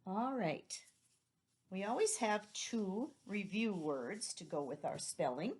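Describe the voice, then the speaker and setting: A woman's voice: mid-range voice, animated, slow pace, a little mellow, slightly rough. A middle-aged woman teacher giving a patient spelling lesson for young children, spelling words out letter by letter.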